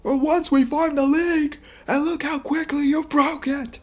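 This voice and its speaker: A man's voice: very high-pitched, fairly even intonation, normal speed, pitched above the performer's own voice. A man doing an outraged gang thug. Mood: indignant. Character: angry male gang member, indignant brawler.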